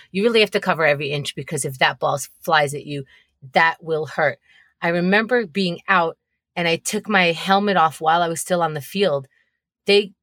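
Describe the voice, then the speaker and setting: Woman on a podcast telling it straight, swears, sarcastic, lower voice, dry sound. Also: fairly bright tone, no room sound. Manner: frank, profane storytelling with sarcastic asides. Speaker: podcast co-host. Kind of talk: casual podcast chat.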